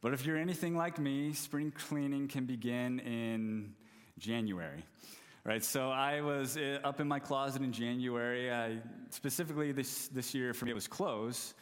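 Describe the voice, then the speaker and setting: Man, 30s, preacher, sermon storytelling, humorous, self-deprecating, mid-pitched, long hall reverb. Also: moderate pace.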